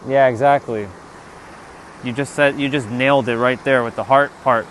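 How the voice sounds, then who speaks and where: A man in a casual spiritual monologue, animated and swearing, talking back to God in mock dialogue. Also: mid-range voice, moderate pace, slight background noise. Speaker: spiritual vlogger.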